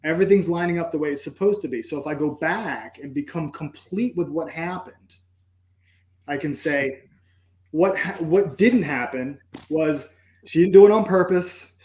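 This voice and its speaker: Earnest higher-voiced man in echoey room. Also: normal speed, a little mellow. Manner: earnest, reflective, acts out inner dialogue with "I'm like". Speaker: podcast guest, entrepreneur. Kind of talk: emotional personal storytelling.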